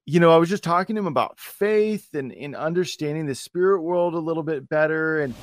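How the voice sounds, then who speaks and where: A podcast host with a somewhat high, brisk voice tells a personal story, rambling loosely with lots of restarts and filler words. The studio-quality recording has no echo.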